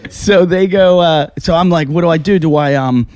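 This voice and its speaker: A man hosting a casual podcast, telling a long comic story and acting out his own yelling. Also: on the high side, normal speed, clear, resonant tone. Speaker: podcast host. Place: house.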